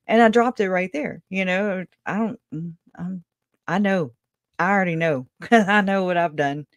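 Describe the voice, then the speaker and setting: A woman's voice: fairly low pitch, measured pace, no echo, studio quality. A woman hosting a call-in show, chatting casually, rambling and laughing often, trailing off mid-thought. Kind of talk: casual chat. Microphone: video call.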